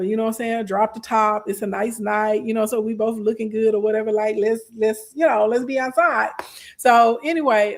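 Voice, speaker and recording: A young adult woman, casually telling a story to her live stream chat, sassy and animated. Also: on the high side. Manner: animated, sassy, acts out quoted voices.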